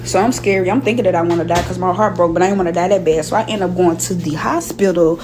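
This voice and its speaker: A woman's voice: on the low side, fast, over music. A young adult woman telling a personal story in a blunt, profane, candid way. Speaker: storytime vlogger. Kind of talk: casual storytelling.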